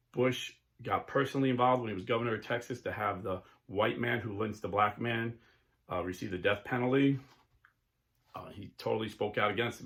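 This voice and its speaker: A man's voice: medium pitch, fairly bright tone. A middle-aged man hosting his own channel, talking casually through a political monologue with many restarts and fillers. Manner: rambling storytelling with frequent restarts and fillers. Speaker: channel host.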